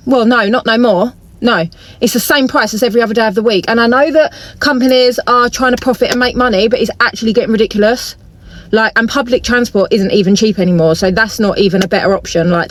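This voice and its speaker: A woman vents to her camera, emphatic and fed up. Her voice sits a little high. The sound is dry and close, with no room around it. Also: a bit bright, no echo. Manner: exasperated, emphatic. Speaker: vlogger. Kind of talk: casual rant to camera.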